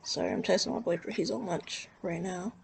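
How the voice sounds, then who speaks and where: A woman's voice: fairly low pitch, very animated, brisk, gravelly, a little hiss or hum. A woman talking earnestly and emotionally in a rambling, heartfelt vlog about her own grief. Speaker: vlogger. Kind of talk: personal talk to camera about grief.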